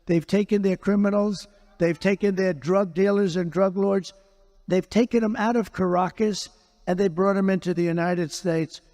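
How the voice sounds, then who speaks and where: A man's voice: high-pitched, steady tone, moderate pace, darkish tone. A man, a politician, answering interview questions in an emphatic, repetitive way, circling back to the same phrases. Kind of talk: unscripted interview conversation.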